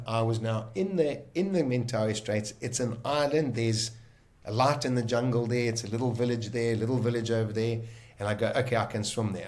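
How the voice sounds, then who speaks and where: A middle-aged South African man telling his survival story vividly, acting out his own inner voices and swinging between loud and soft. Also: medium pitch. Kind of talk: animated storytelling.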